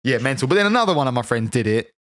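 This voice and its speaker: A man's voice: mid-range voice, sing-song, racing, a bit bright, no room sound, studio quality. A young British man telling a rambling, sweary story in casual podcast chat, full of restarts. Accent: British English. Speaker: podcast co-host.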